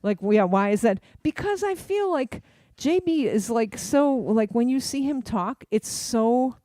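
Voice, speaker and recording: A radio host chats casually in a dry, close studio sound, rambling through fillers and restarts. The voice sits at a middling pitch, and the host drops into quick put-on voices to act out what people say. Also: lively intonation, warm tone, dry recording. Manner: acts out quoted voices. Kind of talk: casual chat.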